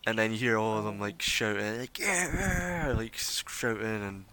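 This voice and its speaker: A man's voice: on the low side, flat delivery, fairly quick, pushed and bright, smooth. A man narrating as game master of a tabletop game, rambling with many fillers.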